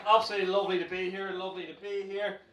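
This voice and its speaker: A high-voiced Northern Irish man works the crowd as a comedy club MC, brash and teasing, swearing freely. He is recorded from a distance in a roomy, echoing club. A loud audience laughs and cheers around him. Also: flat delivery, racing, heavy background noise. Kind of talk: stand-up crowd work. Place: comedy club stage, indoors.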